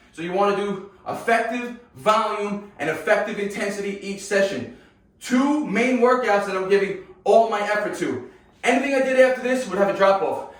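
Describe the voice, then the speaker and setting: A man's voice: high-pitched, fairly bright tone. A man coaching a workout in a casual way, often checking in with his viewers. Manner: casual, keeps checking in with "right?" and "guys". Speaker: fitness coach. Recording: echoey room, far from mic, music behind.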